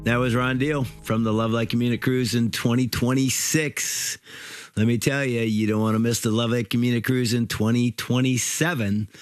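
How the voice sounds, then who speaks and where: A man's voice: mid-range voice, little pitch movement, moderate pace. A man hosting a radio program, reading promotional announcements. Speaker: radio host. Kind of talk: scripted announcement.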